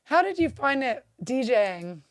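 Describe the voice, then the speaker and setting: A woman's voice: sits high, very animated, moderate pace, dry recording, studio quality. A woman hosting a hotel interview show, prompting her guest with encouraging questions. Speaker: talk show host.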